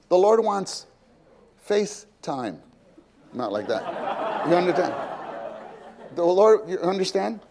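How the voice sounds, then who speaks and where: A man preaches a sermon in a conversational manner, asking his listeners questions and performing quoted voices. His voice is high and a little mellow.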